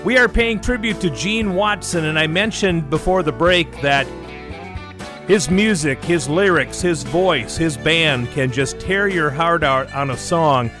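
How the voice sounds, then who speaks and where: A man's voice: a little high, a little slow, over music. A man hosting a classic country radio show, reading dates and song facts in upbeat, chatty announcer patter. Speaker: radio host. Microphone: close studio microphone.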